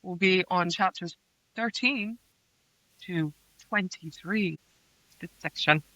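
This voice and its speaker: Questioning woman, bright dry voice. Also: on the low side, takes it slowly, dry recording, low-quality recording. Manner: leads discussion with questions, playfully dramatic. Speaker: podcast co-host. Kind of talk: casual book-club chat.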